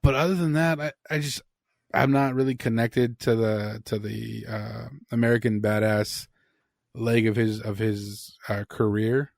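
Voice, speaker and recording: A man's voice: lowish voice, flat delivery, unhurried, vocal fry, a little mellow, no room sound, clean studio sound. A man co-hosting a podcast, talking casually and bluntly and swearing freely. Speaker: podcast co-host. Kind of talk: casual chat.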